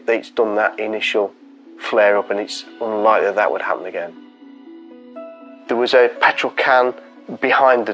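A man of middle pitch, speaking in a documentary interview as an investigator. He explains the evidence in a methodical, step-by-step way, with faint music underneath. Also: fairly bright tone, rough recording.

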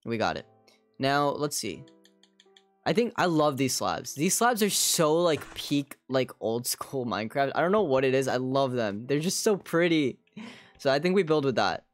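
Faint music plays behind a man whose mid-range voice moves in a sing-song way at normal speed. Streaming a game, he chats loosely with viewers, wandering off topic and leaning heavily on "like."

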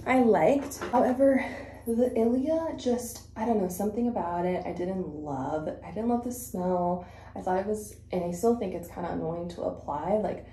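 A woman's voice: mid-range voice, dark tone. A woman vlogging casually while doing her makeup, a native Spanish speaker who rambles with fillers and restarts and sounds a little out of breath. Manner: chatty, rambling with fillers and self-corrections. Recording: echoey room.

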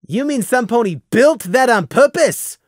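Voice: mid-range voice, lively intonation, a little slow, dry recording, studio quality, voice pushed up, natural voice. A man voicing a pony who is out of breath and aghast. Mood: breathless. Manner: panting, aghast.

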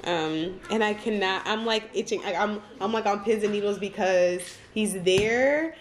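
A woman's voice: mid-range voice, moderate pace. A woman talking casually to her viewers in a home vlog, rambling and chatty, calling them "y'all". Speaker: vlogger. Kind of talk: casual day-in-the-life vlog chat.

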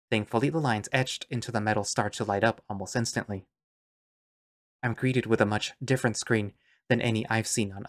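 A man narrating an audio drama in first person, musing and understated. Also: on the low side.

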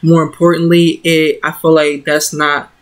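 A woman's voice: low voice, level tone, moderate pace. A young woman telling a personal story in a casual story-time vlog, rambling with many fillers and growing heated, into a computer microphone. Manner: rambling, full of "you know" fillers, grows heated and emotional. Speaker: vlogger.

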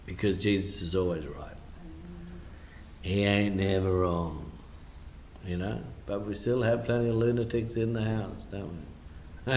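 A man's voice: on the low side, slow. A man pastor giving a midweek church teaching in a conversational, emphatic way, full of asides. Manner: conversational and emphatic, peppered with "you know". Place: church hall. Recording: dull echoey church recording.

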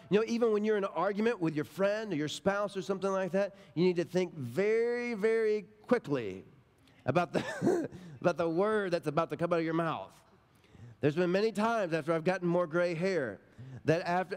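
A man's voice: high voice, animated, a little fast. A middle-aged male pastor preaching a sermon, telling stories in an emphatic, folksy way. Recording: long reverb of a large hall.

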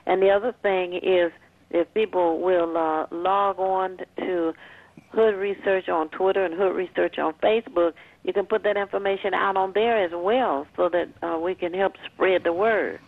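A woman who hosts her own radio show, calling in and speaking in a brisk, practical way. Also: lowish voice, steady tone, no echo. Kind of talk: phone-in talk. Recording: dry, tinny phone line.

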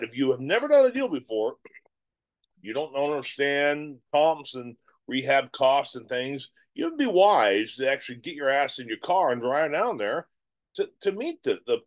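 Animated man giving advice. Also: on the high side. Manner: animated, emphatic, repeats himself. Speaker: real estate coach. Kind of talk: direct-to-camera advice talk.

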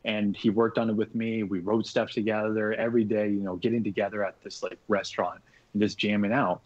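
Low-voiced man telling a story casually. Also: a little fast, dull audio. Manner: animated, acts out quoted speech, swears freely. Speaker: podcast guest, artist.

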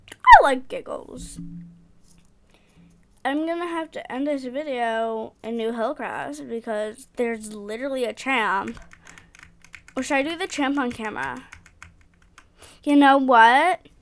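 A young woman with a high voice chats her way through a game in an excitable, rambling way. She speaks slowly and unhurriedly, filling gaps with ums and likes. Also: slight background noise. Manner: chatty, excitable, rambling with fillers. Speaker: gaming vlogger. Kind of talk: casual game commentary.

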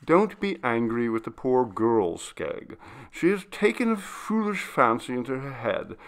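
A man voicing a composed, kindly gentleman master who speaks in a measured way. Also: medium pitch, sing-song. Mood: calm, firm.

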